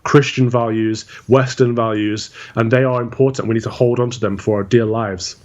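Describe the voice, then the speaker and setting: Man from England, talk-show guest, blunt, opinionated, middle pitch, somewhat muffled sound. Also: steady tone, normal speed. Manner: blunt, opinionated, dismissive of opponents. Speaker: guest commentator. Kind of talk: political talk-show interview.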